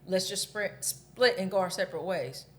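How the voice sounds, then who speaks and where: A woman's voice: lowish voice, moderate pace. Candid woman co-host telling a story. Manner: candid storytelling, swears freely. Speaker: podcast co-host. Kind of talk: casual chat.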